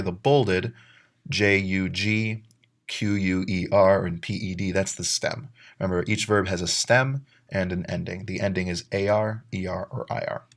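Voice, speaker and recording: A man teaching a Spanish grammar lesson, who works through verb endings methodically, spells out letters and reads each example sentence with its translation. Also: sits low. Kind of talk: recorded grammar lesson narration.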